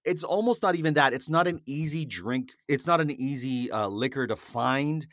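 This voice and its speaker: A man's voice: mid-range voice, animated, moderate pace, a bit bright, no room sound, clean studio sound. A man hosting a show, chatting casually while he mixes a cocktail and explains each step. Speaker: cocktail-making host. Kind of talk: casual chat while mixing a drink.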